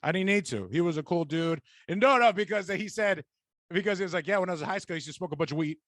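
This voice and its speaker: Lively young man hosting a podcast. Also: sits high, quick pace, no room sound. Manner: animated, laughs often, storytelling with quoted voices. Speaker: podcast host. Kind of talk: casual chat.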